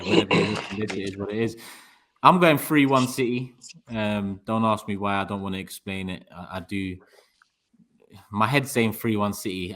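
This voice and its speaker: A man's voice: on the low side, fairly bright tone. A man hosting a casual podcast chat, bantering and laughing often. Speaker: podcast host running predictions.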